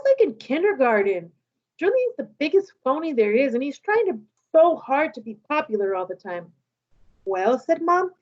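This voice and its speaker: A woman's voice: high-pitched, muffled recording. A woman teacher reading a children's novel aloud to her class, bringing the dialogue to life. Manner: lively, voices the characters' dialogue.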